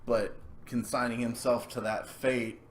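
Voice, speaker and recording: A man's voice: medium pitch, level tone, unhurried. A man co-hosting a podcast, earnestly chiming in and finishing thoughts during a casual brainstorming chat. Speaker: podcast co-host.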